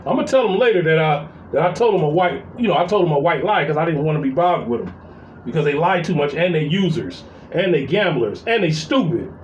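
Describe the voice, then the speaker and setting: A man telling a story in a casual, profane, animated way, venting to his viewers from his workplace. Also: a little high, quick pace, highs cut off. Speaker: vlogger. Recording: echoey, distant mic with faint background noise.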